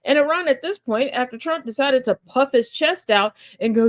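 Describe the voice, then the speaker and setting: Woman host, sharp-tongued and sarcastic commentator, fairly high voice, chatty stream delivery. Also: expressive, moderate pace, few pauses. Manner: sassy and sarcastic, laughs often, mocks voices in quotes. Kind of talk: casual political commentary.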